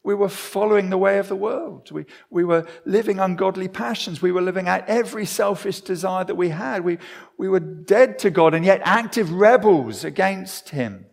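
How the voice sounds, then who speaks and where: A man's voice: high voice, moderate pace, creaky. A man preaching a sermon in a conversational way, often restarting his phrases, at a church service.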